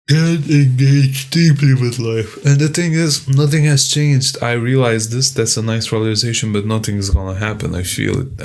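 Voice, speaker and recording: A man journaling on video, talking bluntly and profanely and sometimes bursting into loud shouts. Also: on the low side. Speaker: vlogger.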